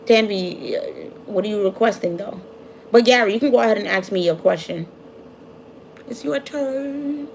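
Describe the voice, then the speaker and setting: A woman giving live tarot readings, talking fast in a casual, chatty way. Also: medium pitch, creaky, a little hiss or hum. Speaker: tarot reader.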